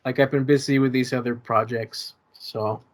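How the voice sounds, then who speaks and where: A man co-hosting a podcast, chatting casually about films and shows in a relaxed, rambling way that trails off. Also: medium pitch, normal speed. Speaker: podcast co-host. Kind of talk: casual chat.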